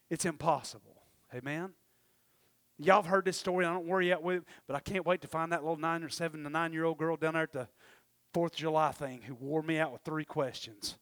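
A man preaching a sermon in church, emphatic, swinging from loud exclamations to quiet murmurs. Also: sits high. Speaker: pastor.

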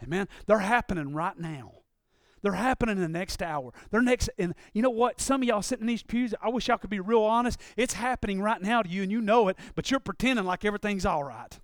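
A man preaching a sermon in a church, moving from quiet, confiding talk up to loud, shouted preaching. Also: high voice, expressive, fairly quick, no room sound, clean studio sound. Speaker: pastor. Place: church sanctuary.

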